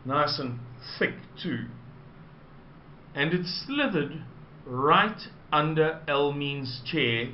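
A South African man recounts a personal story in an unhurried, rambling way, at a deliberately slow pace and a slightly high pitch. The recording is roomy and a little dull, with a faint hiss under the voice. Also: animated.

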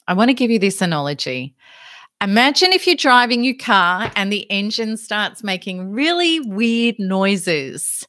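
A woman's voice: medium pitch, expressive, measured pace, a bit bright, no echo, studio quality. A woman giving a live, earnest self-help talk. She speaks emphatically and leans on analogies to make her points.

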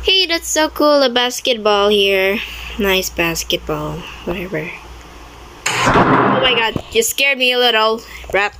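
A woman's voice: on the high side, animated, measured pace, background noise. A young woman commenting on her own gameplay, easily startled, with frequent exclamations and non-native English grammar. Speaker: gaming video creator.

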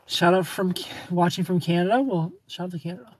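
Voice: medium pitch, quick pace, slight background noise. A live streamer in casual, upbeat chat, reading viewer comments aloud and greeting people by name.

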